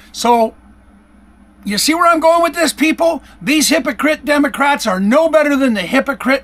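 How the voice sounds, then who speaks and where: A man with a strikingly high-pitched voice rants to his own camera. He yells in hot bursts and hammers his accusations over and over. He talks in the heated way of a vlogger venting. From Michigan, USA. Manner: heated, yelling, accusatory, repetitive. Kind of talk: angry political rant to camera. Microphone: camera-facing, self-recorded.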